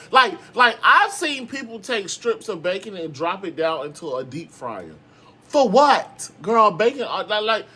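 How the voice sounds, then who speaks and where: A young man giving sassy, animated casual commentary as a reality TV recap host, with sudden dramatic outbursts. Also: high voice.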